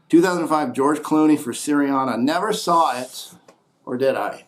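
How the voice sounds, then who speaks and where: A man's voice: medium pitch, animated, fairly quick. A man rambling through a casual comedic monologue, blunt and opinionated, trailing into muttered asides. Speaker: host.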